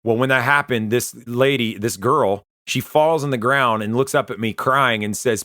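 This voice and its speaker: A man giving an earnest, conversational personal testimony, often pausing and restarting as he tells his story. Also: mid-range voice, pushed and bright, no echo, studio quality. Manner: earnest, conversational, halting retelling. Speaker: Christian testimony speaker.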